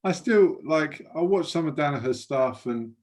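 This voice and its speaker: A man co-hosting a podcast over a video call, asking halting questions and laughing often. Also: fairly high pitch, expressive, a little mellow. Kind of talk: casual interview chat.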